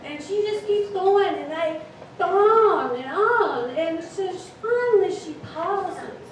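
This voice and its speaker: A woman telling a story live on stage, with an animated, dramatic delivery. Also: very high voice, slow pace. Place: event hall with audience. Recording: echoey hall, distant mic, noisy.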